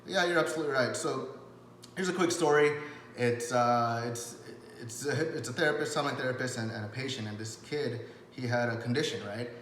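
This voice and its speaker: A man's voice: medium pitch, brisk, fairly bright tone, a little hiss or hum. A man teaching rapport skills in a loose, chatty spoken lesson, full of fillers, restarts and acted-out quotes. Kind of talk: casual spoken lesson to camera. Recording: echoey room with long reverb.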